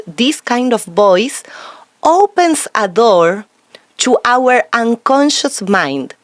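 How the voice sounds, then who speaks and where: A woman as an interview guest, explaining things deliberately. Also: a little high, sing-song, dry recording. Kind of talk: interview conversation.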